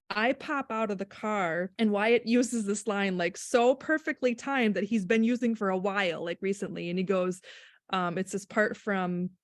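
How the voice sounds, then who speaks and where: A woman's voice: medium pitch, moderate pace, no room sound. A middle-aged woman, a speech-language pathologist, chatting as a podcast guest and acting out quotes as she tells stories. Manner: animated storyteller, acts out quotes with laughter. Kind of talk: casual podcast chat.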